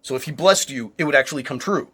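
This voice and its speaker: A man retells a story to a friend in a slightly raised, bright voice. He is animated and casual, swears freely and laughs often. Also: on the high side, fast talker, slightly rough. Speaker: podcast host.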